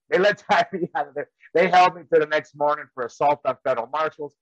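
A man's voice: fairly high pitch, quick pace, a bit bright, no room sound, muffled recording. A man and former wrestler telling rambling stories in casual chat, often laughing as he goes. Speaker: professional wrestler and trainer.

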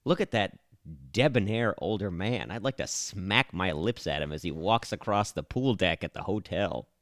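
A man's voice: deep voice, moderate pace, a bit bright, no echo. A man playing a confused young therapy patient in an improvised comedy, talking earnestly and rambling. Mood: eager. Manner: earnest, rambling, laughs at himself. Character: confused young man copying an old spy actor. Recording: dry close studio sound.

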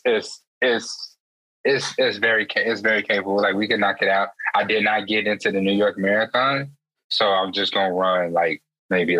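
A young man in casual podcast banter, quick to laugh and loose with slang. His voice sits low but comes across bright and a little husky. The sound is close and dry. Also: no echo, low-quality recording. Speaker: podcast guest.

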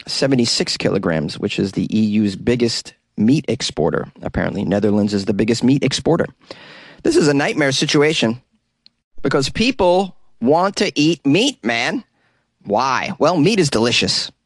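A man's voice: fairly low pitch, dry recording. A man hosting a comedic news show, reading stories aloud and breaking off into jokey asides.

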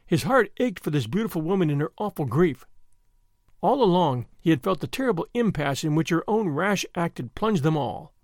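A man narrating a classic novel in an expressive, dramatic reading voice. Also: a little high, moderate pace, no echo, clean studio sound. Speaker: audiobook narrator.

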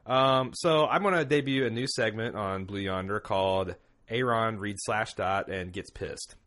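A man's voice: on the low side, a little slow, a bit bright. A man hosting a loose podcast chat. He rambles through tangents, pokes fun at himself, and stumbles over words with plenty of ums and uhs. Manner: rambling, self-mocking, many fillers. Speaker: podcast host. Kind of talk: casual podcast banter.

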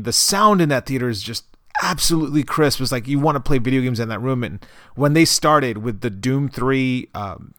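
A man co-hosting a gaming podcast, recounting an event in a rambling, halting way full of fillers and restarts. His voice is smooth and clear, recorded dry and close. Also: mid-range voice, fairly bright tone, no echo. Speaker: podcast co-host. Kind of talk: casual chat.

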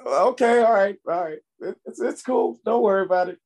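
A man co-hosting a podcast in casual chat, telling stories with lively impressions. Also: high-pitched, brisk, gravelly. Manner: animated storytelling with voiced impressions. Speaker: podcast co-host.

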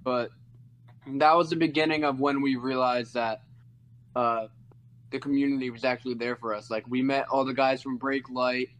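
A man's voice: mid-range voice, steady tone, moderate pace, a bit bright, low-quality recording. A man guesting on a casual podcast, easygoing, answering in short replies. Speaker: band member guest.

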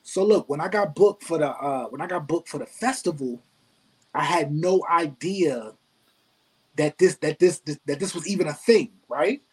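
A man, a rapper guest, telling a story in casual chat, animated and laughing often, repeating himself. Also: on the high side, normal speed, slightly rough, low-quality recording.

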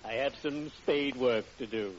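A man's voice: mid-range voice, a little slow, lightly acted. Oily undertaker, played by a man, formal and punning; vintage radio sound, muffled with hiss. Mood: unctuous. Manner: unctuous, punning, grandly formal. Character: oily cheerful undertaker, middle-aged man. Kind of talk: 1940s radio acting. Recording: dull hissy old radio broadcast.

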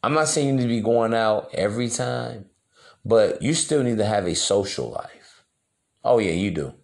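A man's voice: on the low side, animated, moderate pace, creaky, a little mellow. A man hosting a podcast, talking in a loose, slangy, preachy monologue. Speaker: podcast host. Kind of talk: casual monologue.

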